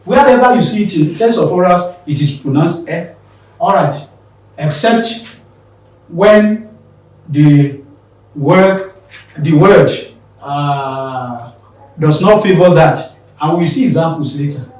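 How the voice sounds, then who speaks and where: A man teaching pronunciation in a slow, drilling manner, repeating words for learners. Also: on the high side, lively intonation, darkish tone. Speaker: English teacher. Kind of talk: classroom pronunciation lesson. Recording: very echoey room, mic far off.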